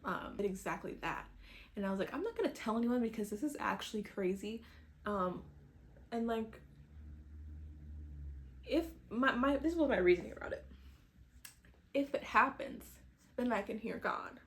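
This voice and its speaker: A woman's voice: a little high, expressive, moderate pace, long pauses. A young woman chatting casually to camera, telling a personal faith story and acting out her own past thoughts. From New England, US. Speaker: vlogger sharing a faith testimony.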